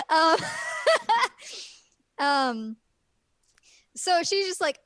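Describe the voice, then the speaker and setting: A woman's voice: very high-pitched, wildly swooping pitch, drawn-out words, long pauses, bright, forceful tone, no echo, clean studio sound. A woman on a casual podcast, rambling through a plot recap with lots of ums. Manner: rambling plot retelling with many fillers. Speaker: guest reviewer.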